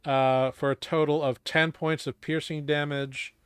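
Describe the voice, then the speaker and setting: A man narrating as game master of a tabletop game, relaxed with many fillers. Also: a little high, unhurried, clean tone, no room sound, studio quality.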